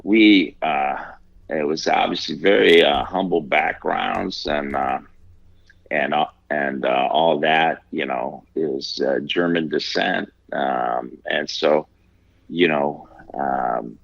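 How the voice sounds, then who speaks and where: A man in his sixties from Ohio speaks in a low, gravelly voice with a husky edge. He talks halting and reflective, with plenty of fillers and restarts, as an interview guest. The audio is dull and lo-fi. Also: no room sound. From Ohio, USA. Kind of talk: casual interview chat.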